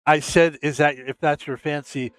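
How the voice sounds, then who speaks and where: American male streamer, casual rambling self-promoter, a bit high-voiced. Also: fairly even intonation, normal speed, clear, resonant tone, dry recording, soft background music. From United States.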